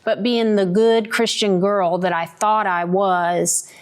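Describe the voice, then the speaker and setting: A woman hosting a podcast, giving a candid, reflective faith testimony and often checking in with the listener with a quick "right?". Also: mid-range voice, fairly even intonation, clean tone. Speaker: podcast host.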